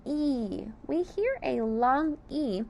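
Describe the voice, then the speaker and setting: Woman, phonics teacher, very slow deliberate pace, lively rising and falling pitch, over-enunciated sounds. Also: gravelly, a little hiss or hum.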